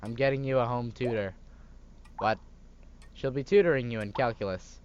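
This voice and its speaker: A man's voice: mid-range voice, normal speed, muffled recording, a little hiss or hum, natural voice. A man reading the lines of a strict, worried middle-aged mother in a story game, scolding and nagging. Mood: stern. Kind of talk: reading game dialogue aloud.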